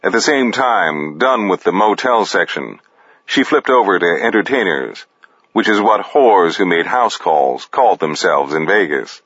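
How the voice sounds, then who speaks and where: Dry, unhurried male audiobook narrator with a low voice. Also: animated, fairly bright tone, no echo. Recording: dull, dry close recording.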